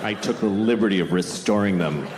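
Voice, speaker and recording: A man's voice: fairly low pitch, brisk. A middle-aged man doing a stand-up comedy set with a blunt, crude, self-deprecating delivery. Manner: animated, acts out scenes with put-on voices. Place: large theater stage with live audience. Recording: echoey hall, audience noise.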